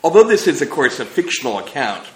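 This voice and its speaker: A man's voice: fairly high pitch, sing-song, quick pace, reverberant, slight background noise, rough recording. A man giving an academic lecture about slides, thoughtful and hesitant, with many fillers.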